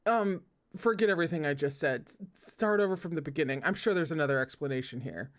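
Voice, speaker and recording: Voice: mid-range voice, fast talker, fairly bright tone, natural voice. A reader voicing a brash, indignant young nobleman in a read-aloud of a novel, who scoffs and blusters. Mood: flustered.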